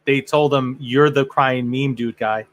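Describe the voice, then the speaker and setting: A man hosting a podcast in casual chat, excitable and quick to swear, with many restarts. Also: mid-range voice. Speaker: podcast host.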